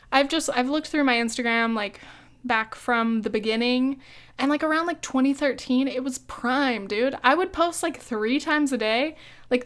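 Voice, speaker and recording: A woman's voice: fairly high pitch, a bit bright. Chatty, profane young woman podcasting. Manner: chatty, profane, laughs often, filler-heavy. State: hiccuping. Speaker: podcast host. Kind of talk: solo casual podcast monologue.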